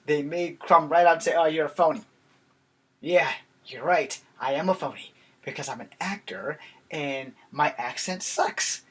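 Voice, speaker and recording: A man's voice: on the high side, unhurried, fairly bright tone, husky. A man in his forties with an American accent, giving a rambling, self-deprecating vlog monologue. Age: 40s. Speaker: vlogger. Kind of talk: casual monologue to camera.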